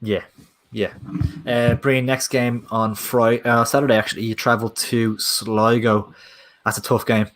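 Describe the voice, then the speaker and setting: A man leads a casual post-match chat in a mid-range voice. He puts the questions and keeps things moving with quick yeahs of agreement. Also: mid-range voice, little pitch movement, fairly bright tone. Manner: asks questions, agrees often with short yeahs. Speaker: interviewer.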